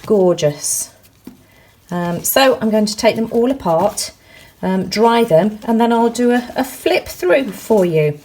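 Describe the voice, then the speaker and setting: A woman narrating a craft project in her home kitchen, chatty and full of ums, gushing with excitement as she works. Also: a little high, slow pace, low-quality recording. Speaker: crafts vlogger. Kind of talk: casual how-to narration.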